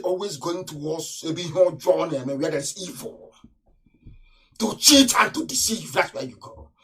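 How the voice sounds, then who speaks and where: A man giving a live radio broadcast, fiery and repetitive, swinging between shouts and mocking laughter. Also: high voice, breathy edge. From Nigeria.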